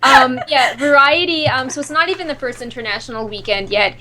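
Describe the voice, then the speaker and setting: A woman's voice: sits high, a little fast, bright, forceful tone. A woman co-hosting a casual livestream chat, giving short agreeing replies and reading news from her notes with many ums. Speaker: co-host.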